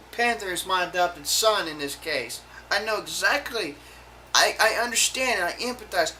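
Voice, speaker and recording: Speaking to her viewers in a fairly high, sharp voice, a woman vlogger launches into an angry rant full of swearing. She halts and restarts her sentences again and again, and the poor audio has a slight hiss or hum.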